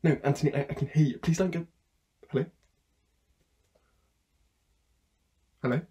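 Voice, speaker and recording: A man's voice: fairly high pitch, racing, dark tone, lightly acted. A young man acting as a desperate food courier on the phone, stammering, pleading and bursting into anger. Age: young adult. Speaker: student actor. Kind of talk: theatre monologue performed online.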